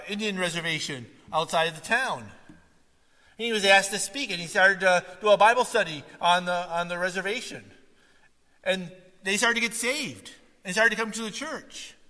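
Bright-voiced preacher in a reverberant hall. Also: male voice, sits high. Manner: swings from loud animated retellings to quiet earnest asides. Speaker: pastor. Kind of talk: sermon.

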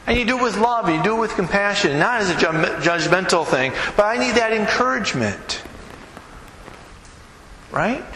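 Conversational pastor preaching in an echoey hall. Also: male voice, high-pitched, normal speed. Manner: conversational, keeps asking "right?"; tells stories with vivid, animated mimicry. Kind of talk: sermon. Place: church sanctuary. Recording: echoey hall, noisy room tone.

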